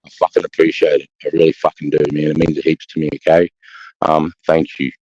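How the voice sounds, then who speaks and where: A man's voice: rumbling low, flat delivery, fairly quick, dry recording, highs cut off. Sweary Australian man hosting a livestream. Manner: sweary, matey shout-outs to chat. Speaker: livestream host. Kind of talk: casual livestream chat.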